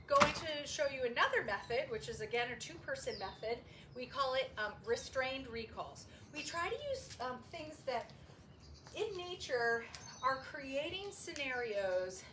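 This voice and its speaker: A woman dog trainer demonstrating training steps, who breaks into high, excited praise when calling the puppies. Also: slight background noise. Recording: echoey room, voice from a distance.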